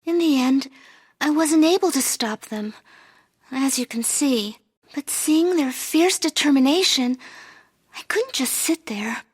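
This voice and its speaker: An actress voicing a gentle, earnest young woman healer who speaks softly in a game. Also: high-pitched. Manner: soft, earnest.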